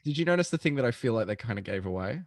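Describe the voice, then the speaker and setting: A man co-hosting a podcast in casual chat, excitable, swearing freely and acting out quotes. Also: medium pitch, racing, crowd noise. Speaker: podcast co-host.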